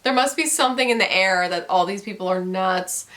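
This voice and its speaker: Bright-voiced woman rambling about a book. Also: medium pitch, brisk. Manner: rambling, candid, laughs often, swears. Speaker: book reviewer. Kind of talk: casual book review chat.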